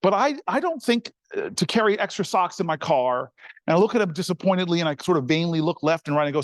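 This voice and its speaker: A middle-aged man, a senator, telling an animated, folksy story straight to the crowd in a speech. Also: high-pitched, fast talker, dry recording.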